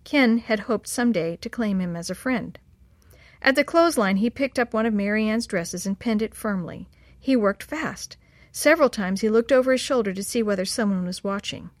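A woman narrating a children's story in a calm, measured way. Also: mid-range voice, no room sound.

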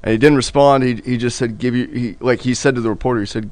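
A man's voice: mid-range voice, steady tone, quick pace, a little mellow, no echo. A man co-hosting a casual podcast, making dry, sardonic jokes and telling a story. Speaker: podcast co-host.

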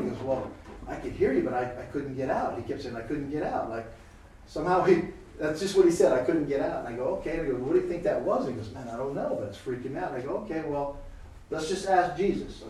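A man's voice: mid-range voice, a little hiss or hum. A man telling a story in a sermon about prayer, acting out the voices of the people in it. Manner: animated, acts out voices in anecdotes. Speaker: preacher. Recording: echoey room from far off.

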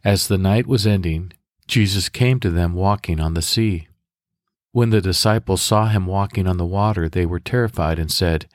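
A man with a deep voice hosts a devotional podcast, guiding prayer and a scripture meditation. He speaks at a calm, measured, instructive pace. The sound is dry and close, with no room around it. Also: no room sound.

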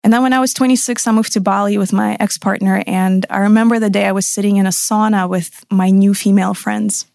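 A woman's voice: mid-range voice, steady tone, brisk, vocal fry, hardly any pauses, a little mellow, dry recording, studio quality. A woman in her thirties, a podcast guest, telling her personal story frankly and emphatically, sometimes swearing.

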